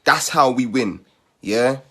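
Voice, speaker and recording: A man delivers a rallying appeal to his community in a steady, mid-pitched voice. He is persuasive and keeps checking in with the listener with a questioning "yeah?" as he builds his points. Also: slow, slightly rough.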